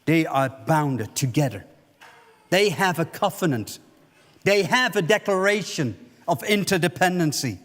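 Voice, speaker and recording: A man's voice: on the high side, animated, a little slow. A male pastor preaching a sermon, telling a story vividly and acting out the lines of its characters. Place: church sanctuary. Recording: reverberant church hall.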